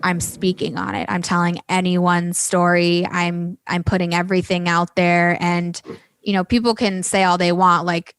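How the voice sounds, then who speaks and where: Gravelly, passionate woman podcast host. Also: on the low side, little pitch movement, fairly bright tone, dry recording. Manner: passionate, emphatic, rapid run-on phrasing. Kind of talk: conversational interview.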